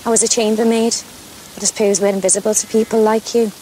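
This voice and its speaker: An actress playing a former chambermaid turned blackmailer, speaking with a Liverpool accent in a coolly taunting, threatening way. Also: female voice, medium pitch, level tone, quick pace, warm tone, slight background noise, lightly acted. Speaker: actor in a period drama clip.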